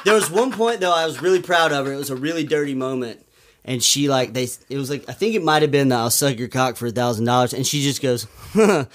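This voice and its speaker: A man's voice: on the high side, fairly bright tone. A man telling a funny story in casual podcast chat, chuckling through it. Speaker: podcast guest, percussionist.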